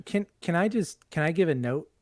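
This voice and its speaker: A man's voice: fairly high pitch, lively intonation, fairly quick, darkish tone, dry recording. A man co-hosting a casual livestream, joking in dry, teasing banter. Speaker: co-host and staff member.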